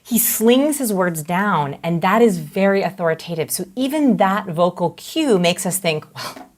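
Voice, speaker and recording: A woman with a slightly low voice speaks as a guest expert in an interview. She explains in a lively way, and she keeps slipping into little acted-out examples to make her points. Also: normal speed.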